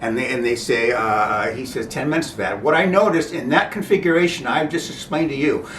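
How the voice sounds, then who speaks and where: A breathing instructor gives informal spoken guidance on breathing exercises, halting and often pausing to ask "okay?". His voice is a bit bright, recorded in a roomy space with a distant mic and a faint rumble.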